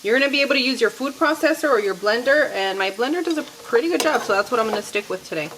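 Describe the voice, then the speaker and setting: A woman's voice: fairly high pitch, lively intonation, fast talker, noisy background. A woman hosting a casual home cooking demonstration, chatty and giggly, talking the viewers through each step. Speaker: cooking show host. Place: home kitchen with frying food.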